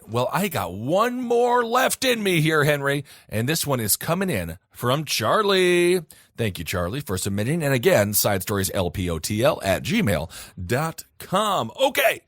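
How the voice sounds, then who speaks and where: A man hosting a comedy podcast, reading listener stories aloud with animated, jokey asides. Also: medium pitch, no room sound, studio quality. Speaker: podcast host.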